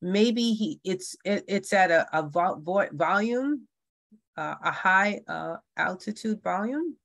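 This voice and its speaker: A woman's voice: medium pitch, lively intonation, takes it slowly, vocal fry, fairly bright tone, no echo. A woman leading an online parent workshop, talking with many fillers and restarts. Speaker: workshop facilitator.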